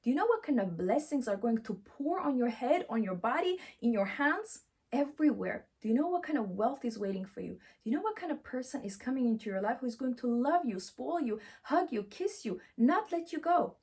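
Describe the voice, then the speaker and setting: A woman coaching self-love in an animated, swooping voice that sits a little high for her. Her tone is husky and breathy, emphatic and affirming, and she repeats encouraging phrases in slightly non-native English. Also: a little fast, hardly any pauses. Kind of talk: motivational talk to camera.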